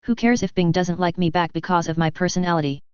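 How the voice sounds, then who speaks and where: A brash young woman in a fantasy audiobook, defiant and boastful, as a narrator reads her lines. The voice is very smooth and clean. It sits in a dry, slightly muffled recording. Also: mid-range voice, fast, no echo, close to an everyday voice.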